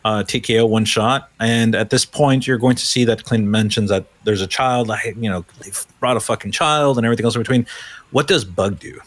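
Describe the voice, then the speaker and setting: A man's voice: lowish voice, fairly even intonation, brisk. A man narrating a tabletop role-playing game as game master, steadily describing the scene to the players.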